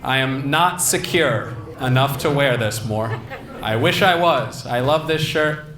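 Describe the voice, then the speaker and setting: A man's voice: medium pitch, a crowd in the background. Young male comic on an echoey stage. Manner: self-deprecating, quick, laughing asides. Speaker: stand-up comedian. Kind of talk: stand-up comedy set. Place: convention stage. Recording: echoey hall with ambient noise.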